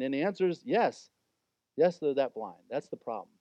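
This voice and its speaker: A man's voice: mid-range voice, animated, normal speed, dry recording, muffled recording. A man preaching a sermon as pastor, talking in an informal, conversational and emphatic way.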